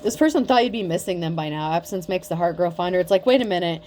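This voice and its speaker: A woman with a lowish voice giving a tarot reading in a loose, chatty way. She is blunt and mocking and swears freely, with a faint hum of room noise behind her. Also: lively intonation, fast, a little mellow. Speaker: tarot reader. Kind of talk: casual tarot reading to camera.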